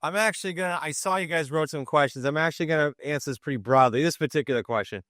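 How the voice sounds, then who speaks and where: A man's voice: fairly high pitch, fast talker, a bit bright, no room sound, clean studio sound. A man hosting a podcast in casual chat, joking and rambling as he thinks aloud. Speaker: podcast host and coach.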